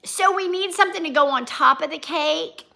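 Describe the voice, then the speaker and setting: Extremely high-pitched with vocal fry, this woman's voice is bright and forceful at a moderate pace. As a vlogger and livestream host, she keeps things casual, chatting, reading viewer comments aloud, and greeting people by name.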